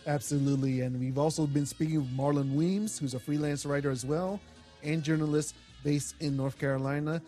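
A man's voice: a little high, brisk, soft background music. A man hosting a radio talk show, thanking guests and closing the program. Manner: steady, wraps up segments and thanks guests.

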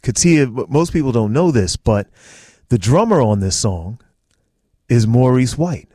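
A man's voice: mid-range voice, animated, unhurried, mellow. A friendly man sitting in as a radio programmer, sharing the stories behind old songs. His voice sounds close and dry, with no room echo, as he talks from a radio studio. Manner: friendly, storytelling, grateful. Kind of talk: casual radio chat and music stories.

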